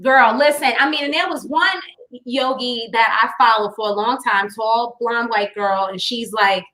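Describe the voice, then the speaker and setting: A woman chats as a guest in a casual live-streamed interview. Her voice sits a little high. She talks loosely, filling her talk with "you know" and "like," and laughs easily. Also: moderate pace, bright, forceful tone.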